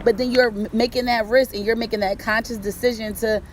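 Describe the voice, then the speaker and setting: Blunt, profane woman talking loud. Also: fairly high pitch, fairly even intonation, brisk, slight background noise, rough recording. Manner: blunt, profane, streetwise, conversational. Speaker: host. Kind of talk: casual relationship advice talk.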